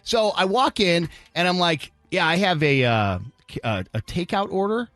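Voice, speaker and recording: A male morning radio host with a high, bright voice that swoops all over as he tells a story. He acts out every voice in the exchange with lively energy. He is recorded dry in a studio, with faint music underneath. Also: moderate pace, no echo. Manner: animated, acts out both sides of the dialogue. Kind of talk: casual on-air storytelling.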